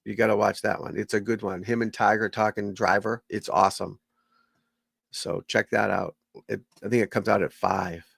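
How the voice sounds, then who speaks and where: A male golf instructor talks loosely on a livestream, drifting between thoughts and swearing offhandedly. His voice sits low with a gravelly vocal fry. The sound is dry and close. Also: little pitch movement, normal speed, a bit bright, no echo. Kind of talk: casual livestream chat.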